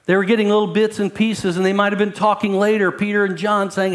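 A pastor preaching a sermon in a conversational way, repeating words and building emphasis. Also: male voice, high voice, flat delivery, quick pace, hardly any pauses.

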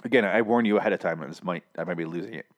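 A man ranting with exasperation and frequent swearing while reviewing a TV season. His voice is going hoarse from shouting. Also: deep voice, racing. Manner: exasperated, profane, repetitive. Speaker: TV show reviewer.

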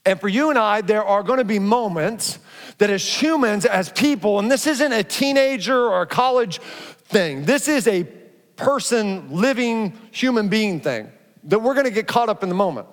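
A middle-aged man preaching a sermon, animated, acting out his stories with frequent restarts. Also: sits high, normal speed. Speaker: pastor. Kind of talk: sermon with personal storytelling. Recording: long reverb from a large hall.

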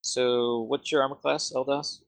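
A man as game master, narrating the scene and correcting players with quick repeated words. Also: medium pitch, little pitch movement, gravelly, very noisy. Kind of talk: running a tabletop game.

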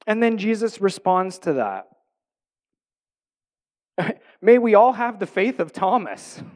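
A man teaching from scripture in a thoughtful sermon style, with a slightly higher-than-usual voice. He is earnest and reflective, and often turns a question back to his listeners. At tender moments he sinks to a soft, quiet tone. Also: big pitch swings, slow. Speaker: Bible teacher.

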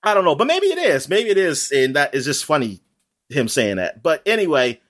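Man, casual podcast chatter, lively swooping delivery, slightly high voice, rambling with lots of fillers. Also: brisk. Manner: animated, rambling, frequent fillers and laughs. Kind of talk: casual chat.

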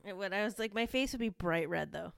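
A woman's voice: medium pitch, quick pace, vocal fry, clean tone, no echo, studio quality. Giggly woman podcast co-host. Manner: animated, giggly, hesitant at times. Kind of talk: casual wrestling recap chat.

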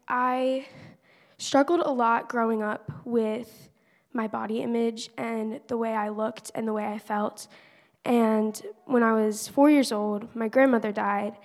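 Teen girl, slightly high voice with gravelly fry, earnest testimony, long reverb of a church hall. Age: teenager. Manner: earnest, conversational, many "like" fillers. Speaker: church member giving a testimony. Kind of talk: personal faith testimony.

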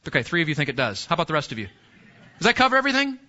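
A man's voice: on the high side, wildly swooping pitch, rapid-fire, bright, forceful tone, dull audio. A man preaching a sermon in a church, speaking conversationally, repeating key phrases and putting questions to the congregation. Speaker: pastor.

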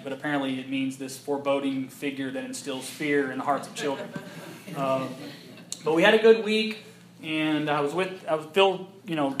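Man, pastor, chatty folksy sermon, fairly high voice, roomy church echo. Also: fairly bright tone. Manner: folksy, chatty, with self-deprecating asides. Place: church sanctuary. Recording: echoey church sanctuary.

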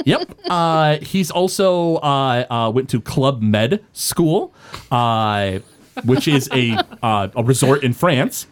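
A man's voice: mid-range voice, expressive, takes it slowly. A man chatting casually as a podcast co-host, rambling through an episode recap with many filler words and frequent laughter.

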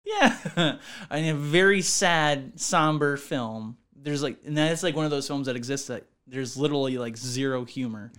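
A man's voice: medium pitch, moderate pace, fairly bright tone, a little hiss or hum. A man co-hosting a casual podcast, reading listener emails aloud and rambling with lots of fillers and laughter. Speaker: podcast co-host.

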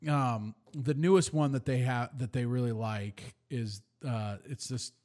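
A man's voice: medium pitch, unhurried, darkish tone. A man co-hosting a podcast, chatting casually and rambling with many restarts. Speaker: podcast co-host. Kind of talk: casual chat.

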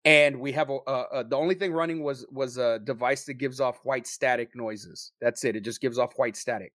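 A young man telling a story to friends in a casual, profane, animated way, acting out what people said. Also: mid-range voice, brisk, no echo, studio quality. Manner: profane, animated storyteller who acts out quotes. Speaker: paranormal investigator telling a story.

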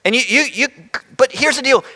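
A man preaches to his congregation in a high, bright voice. He's animated and throws in playful asides. The sound carries a long reverb from a large church hall. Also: fairly quick. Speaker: pastor. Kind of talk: sermon.

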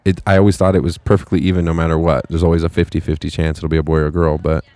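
A man in his thirties with a very low voice, rambling casually and cursing freely as he co-hosts a podcast. The sound is dry and close, with no room around him. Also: level tone, racing, a little mellow, no room sound. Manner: loose, profane, rambling. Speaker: podcast co-host. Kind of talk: casual chat. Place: local market at an art college.

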